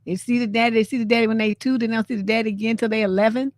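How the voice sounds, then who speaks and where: Chatty, laughing woman with a high voice. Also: racing, dry recording. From San Francisco, USA. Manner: chatty and animated, often laughing, acting out quoted lines. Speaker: live-stream host. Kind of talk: casual commentary on memes.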